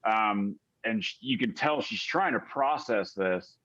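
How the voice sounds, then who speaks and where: A man's voice: on the low side, lively intonation, unhurried, a bit bright. A man narrating a tabletop game as game master, rambling with many fillers. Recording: slightly dull lo-fi audio.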